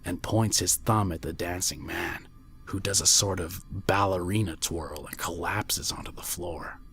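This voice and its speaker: A man reading a scripted creepypasta horror story in a hushed voice that often drops to a near whisper. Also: deep voice, fairly even intonation, unhurried, creaky. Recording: faint music bed under voice.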